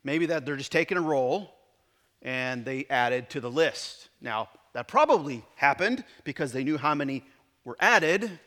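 Emphatic male preacher, a bit high. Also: expressive, measured pace. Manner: emphatic, swings between loud declarations and quiet asides. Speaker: pastor. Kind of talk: sermon.

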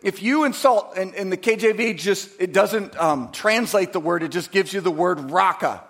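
A pastor delivering a sermon, moving between quiet, conversational asides and loud, emphatic preaching, acting out quoted voices. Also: male voice, sits high, normal speed. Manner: acts out quoted voices dramatically.

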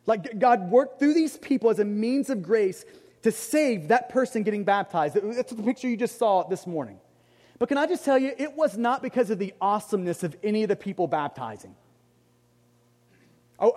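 Speaking at normal speed in a high, sing-song voice with a darkish tone, this pastor keeps his sermon conversational. He pokes fun at himself and hammers points by repeating them, all within a long hall reverb.

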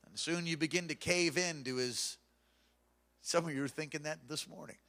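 A man's voice: fairly high pitch, normal speed, vocal fry, sharp tone. A man preaching a fervent, emphatic sermon as pastor from a church stage.

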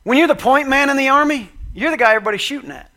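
A male pastor preaching with a high, bright and forceful voice. He is animated and conversational, and he leads the congregation in call-and-response. His delivery is lively and at times loud. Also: racing. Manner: animated, conversational, acts out quotes. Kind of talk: sermon.

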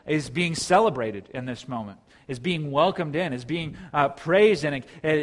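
A man's voice: on the high side, a bit bright. Earnest man preaching a sermon. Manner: earnest, with frequent restarts. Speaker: pastor.

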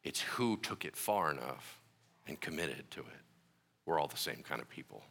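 A man preaching a sermon, an animated and joking storyteller who acts out little voices in his asides. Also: very deep voice, moderate pace, vocal fry. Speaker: pastor.

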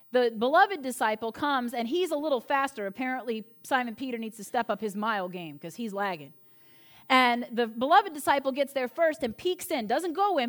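A woman with a bright, high voice delivers a sermon. She retells the story in an animated, conversational way and slips in casual jokes along the way. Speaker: preacher.

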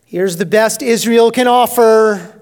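Delivering an expository sermon slowly in a high-sitting voice, a male pastor alternates between emphatic loud proclamations and near-whispered, hushed asides.

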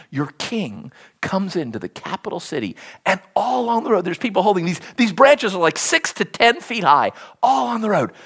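Animated preacher, husky voice, pitch jumping all over, repeats words when fired up. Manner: animated storytelling with sudden hushed asides. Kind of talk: sermon.

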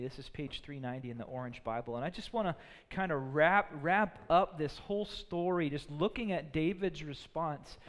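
Male pastor, sermon, earnest, repeats words, high voice, long hall reverb. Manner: earnest, repeats words when building a point.

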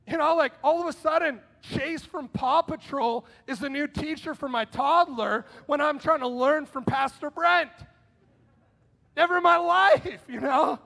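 A male pastor giving an energetic, conversational sermon with sudden shouted lines. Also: very high voice, moderate pace, gravelly, few pauses. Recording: long hall reverb.

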